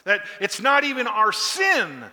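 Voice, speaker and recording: A man delivers a sermon in a high, strikingly bright and cutting voice. He drives his points home with emphatic, repeated exhortations. His words ring out with a long reverb in a large church hall. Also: wildly swooping pitch, a little slow. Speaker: preacher.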